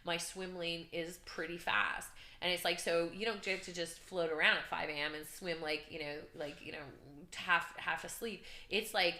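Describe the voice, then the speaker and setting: Earnest animated woman telling her story, low-ish voice, echoey room. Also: normal speed, few pauses. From Canada. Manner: animated, acts out shouts and inner voices; emotional, earnest. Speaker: podcast guest, business coach. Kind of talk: candid interview storytelling.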